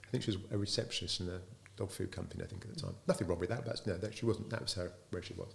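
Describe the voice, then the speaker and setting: Gravelly man telling a lively story. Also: low voice, rapid-fire. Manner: lively storyteller who acts out quoted dialogue. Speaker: business founder being interviewed. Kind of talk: anecdotal storytelling in an interview.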